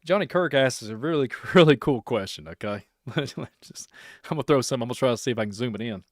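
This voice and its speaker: Kentucky man hosting a livestream, mid-pitched, wanders and jokes, close dry sound. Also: expressive, brisk, no room sound. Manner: rambling, speculative and joking. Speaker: podcast host. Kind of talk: casual livestream chat.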